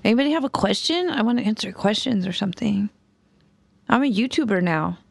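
A woman's voice: mid-range voice, lively intonation, brisk, creaky. Chatty woman hosting a live stream. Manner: chatty, reads chat aloud. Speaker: stream host. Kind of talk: casual live-stream chat.

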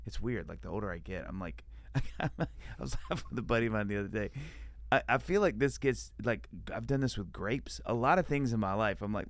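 Deep gravelly man in casual chat. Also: animated, fairly quick, no room sound. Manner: playful, rambling, jokey asides. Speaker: podcast guest.

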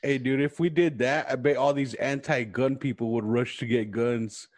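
A man's voice: mid-range voice, fairly even intonation, normal speed, a little mellow, no room sound. A man in a casual podcast conversation, laid-back and agreeable, chiming in with short remarks. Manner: laid-back, agreeing, calls others dude. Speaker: podcast co-host or guest.

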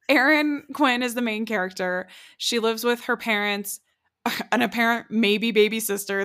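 Chatty giggly podcast co-host woman, mid-pitched, lots of filler. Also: fairly bright tone. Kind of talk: casual chat recapping a TV show.

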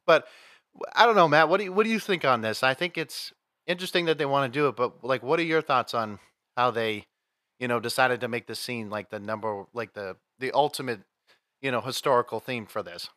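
Male podcast co-host, bright voice, rambling storyteller, dry close mic. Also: mid-range voice, a little fast, no echo. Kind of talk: casual chat.

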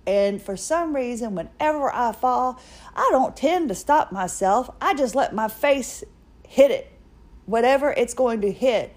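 A woman's voice: on the high side, animated, measured pace, darkish tone. A middle-aged woman hosting a podcast, telling a personal story in a chatty, self-mocking way. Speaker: podcast host. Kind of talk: casual personal monologue.

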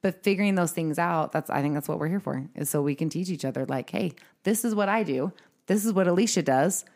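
A woman's voice: on the low side, a little fast, darkish tone. A woman hosting a podcast in casual conversation, chatty and laughing often as she talks. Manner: chatty, laughs often, quotes herself in asides. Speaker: podcast host.

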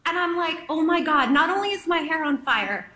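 Woman, 30s, high and bright, animated storyteller, slightly echoey room. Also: moderate pace. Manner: lively, acts out her own reactions with big pitch jumps. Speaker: guest telling a story. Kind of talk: animated anecdote.

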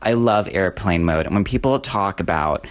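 A podcast host talks on his own with a very low, deep voice. He rambles from topic to topic with wry jokes thrown in. It is a relaxed, casual monologue. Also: moderate pace. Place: away from home, in the countryside.

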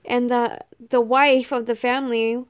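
Young woman co-host, casual, high bright pitch. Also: flat delivery, unhurried, clear, resonant tone. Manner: chatty, uses "like" often. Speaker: vlogger. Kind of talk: casual chat.

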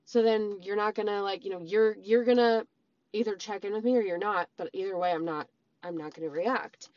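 A woman's voice: medium pitch, brisk, no echo. A woman casually telling her own story straight to her viewers, rambling, with many "like" and "um" fillers. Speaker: storyteller recounting a relationship. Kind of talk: casual personal storytelling to camera. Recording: slightly dull lo-fi sound.

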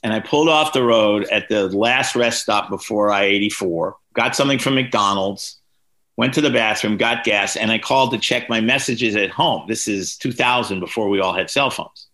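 Bright-voiced man telling lively anecdotes. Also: normal speed. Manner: lively anecdotes, voices quoted people with big pitch jumps. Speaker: author and guest. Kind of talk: storytelling in a podcast interview.

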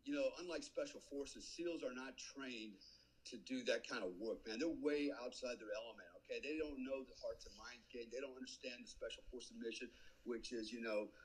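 A middle-aged man with a husky, slightly breathy voice tells a story in a casual way. He swears freely and acts out the people he quotes. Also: medium pitch, moderate pace, low-quality recording. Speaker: podcast guest.

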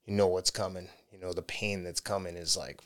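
A man with a low voice speaks candidly as an interview guest. He talks casually and laughs often, sometimes dropping into quoted voices. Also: level tone, brisk. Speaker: podcast guest, marathon runner.

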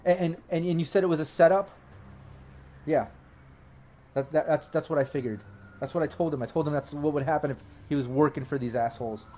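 A man's voice: fairly high pitch, a little fast, mellow, a little hiss or hum, lightly acted. A man voicing a tough young woman fixer in a tabletop game, sweary and stammering when upset.

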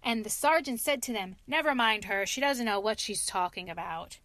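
A woman's voice: on the high side, normal speed, no room sound, natural voice. A woman voicing a chatty, gleeful little mole. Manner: lively, chatty storytelling. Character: cheerful, pleased little male mole.

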